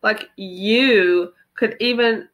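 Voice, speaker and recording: A woman's voice: medium pitch, extremely slow, a bit bright. A woman doing a bossy smug little girl. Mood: defiant.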